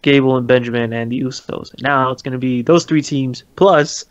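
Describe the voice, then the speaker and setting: A man's voice: medium pitch, steady tone, brisk, dull audio. A man casually chatting about wrestling as a podcast co-host, laughing often and swearing casually.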